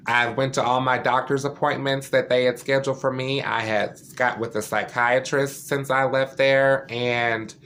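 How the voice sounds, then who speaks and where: A man shares a personal story to camera in a vlog, earnest and candid, speaking loosely and conversationally with many fillers. His mid-range voice is a bit bright, with slight background noise.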